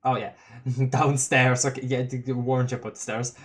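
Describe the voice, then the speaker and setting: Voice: mid-range voice, flat delivery, close to an everyday voice. A reader doing a drawling clown troll boy. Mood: mellow drawl. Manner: slow rambling rhymes, swears, honks. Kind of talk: dramatic reading of a webcomic.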